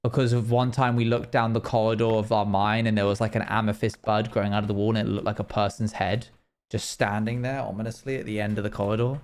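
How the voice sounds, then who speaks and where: A man's voice: fairly low pitch, level tone, fast. A young man chatting casually and rambling while he plays a game on a live stream, laughing now and then.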